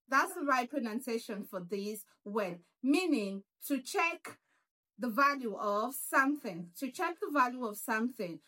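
Slow, bright-voiced woman teaching pronunciation. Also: fairly high pitch. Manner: repeats words slowly with emphatic stress. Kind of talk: slow, deliberate pronunciation lesson.

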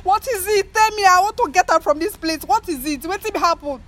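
A woman's voice: very high-pitched, a little fast, fairly bright tone, slight background noise. A young Nigerian woman, tearful, angry and accusing, confronting the ex-partner who left her. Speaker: ex-girlfriend confronting a former partner. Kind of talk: emotional street confrontation.

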